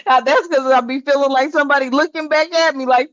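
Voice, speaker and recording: A woman's voice: sits high, steady tone, fast talker, no echo. A woman doing a tarot reading in a casual chat, laughing often and swearing freely in slangy speech. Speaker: tarot reader. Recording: dull, slightly lo-fi sound.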